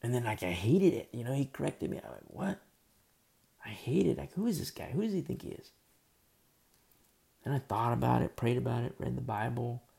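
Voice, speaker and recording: A man giving a conversational sermon as a preacher, informal and full of fillers, often dropping to a soft murmur. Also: medium pitch, lively intonation, brisk, gravelly.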